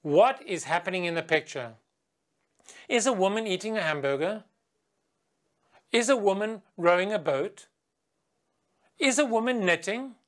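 Patient and clear, a woman runs a slow English lesson on video for kids. She quizzes them with questions and sings a chant together with the class in a brighter, higher voice.

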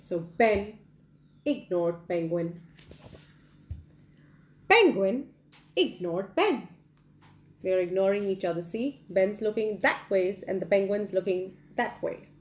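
Slow, expressive storyteller woman. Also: mid-range voice. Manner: expressive, asks the children questions, gasps in surprise. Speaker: storyteller for children. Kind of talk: reading a picture book aloud to kids.

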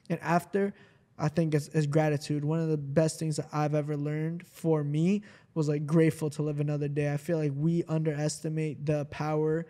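A man's voice: a little high, little pitch movement, moderate pace, warm tone. A young man co-hosting a podcast, talking earnestly and agreeing readily, with many fillers like "like". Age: young adult. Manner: earnest, affirming, heavy use of "like". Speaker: podcast co-host, host's son. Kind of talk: casual podcast chat.

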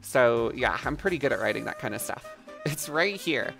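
A woman's voice: rumbling low, lively intonation, moderate pace, creaky, a bit bright, soft background music. A woman streaming live in casual, playful chat, thanking viewers and joking crudely with frequent laughter. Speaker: livestreamer.

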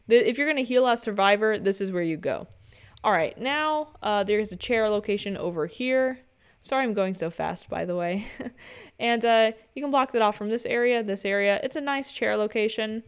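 A woman's voice: a little high, moderate pace, smooth. A young woman talking casually through a gameplay tutorial voice-over, chatty and joking, with playful asides. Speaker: game guide creator.

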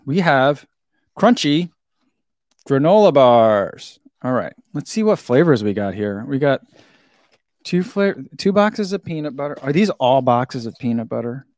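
Chatty man with a lively voice. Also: mid-range voice, normal speed, dry recording. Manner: chatty, giggly, talks while chewing. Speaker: vlogger reviewing a snack. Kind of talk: casual unboxing chat.

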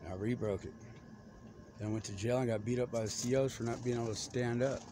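A man's voice: mid-range voice, fairly even intonation, quick pace, background noise. A man talking in a loose, rambling monologue, jumping from one topic to the next. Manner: stream-of-consciousness, jumping between topics.

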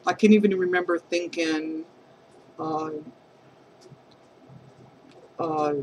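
A woman crafting vlogger talking heartfelt to camera, hesitant and halting, earnest and emotional. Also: fairly low pitch, sing-song, gravelly, darkish tone, slight background noise, poor audio. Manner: emotional, affectionate.

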